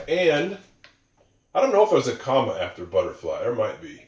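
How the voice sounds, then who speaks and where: A man teaching English to learners, going slowly and repeating example sentences, with musing asides. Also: mid-range voice, huge pitch swings, darkish tone, roomy sound.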